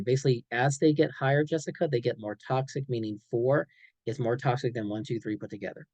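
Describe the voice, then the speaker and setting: A man giving a clinical training presentation in an animated way, checking in often and acting out examples. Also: mid-range voice, fast talker, no echo, lo-fi sound. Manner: animated, frequent "okay?" check-ins, acts out examples.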